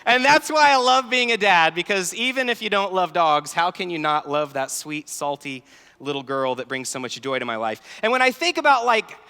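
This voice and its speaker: A man in his thirties giving an animated, story-filled talk at a youth conference, acting out dialogue. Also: sits high, normal speed, clear, resonant tone. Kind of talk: sermon-style talk with stories. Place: large conference hall. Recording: large hall reverb.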